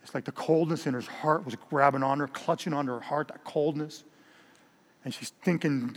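Storytelling pastor in a reverberant hall. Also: male voice, on the high side, moderate pace, long pauses. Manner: animated storytelling, repeats words. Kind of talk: sermon. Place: large church hall. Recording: long reverb of a large hall.

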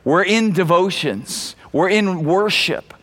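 A male preacher delivering a sermon with a bright, high voice. He talks emphatically, hammering key phrases again and again and calling out to the congregation. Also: animated, slow pace. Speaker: pastor.

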